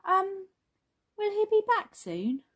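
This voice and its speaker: Storybook rabbit boy, voiced by a woman: high, childlike, unsure, gentle. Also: big pitch swings, takes it slowly, full character voice. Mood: hesitant. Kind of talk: storybook reading.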